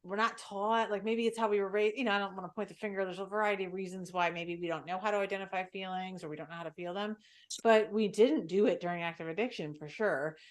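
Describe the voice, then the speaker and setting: Woman podcast host, chatty and reflective, lots of "like"s, mid-pitched. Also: fairly even intonation, quick pace. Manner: reflective and open, filler-heavy speech. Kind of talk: candid conversational podcast chat.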